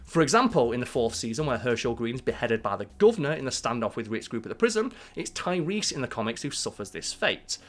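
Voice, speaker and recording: A man co-hosting a podcast, chatting casually with animated, swear-flecked storytelling. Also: mid-range voice, quick pace, few pauses. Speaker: podcast co-host. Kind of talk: casual chat.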